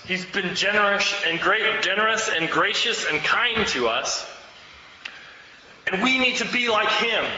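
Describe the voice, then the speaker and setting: A man's voice: high voice, sharp tone, a little hiss or hum. A man preaching a sermon, fervent and exhorting, urging his listeners to act. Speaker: pastor. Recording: echoey hall, dull sound.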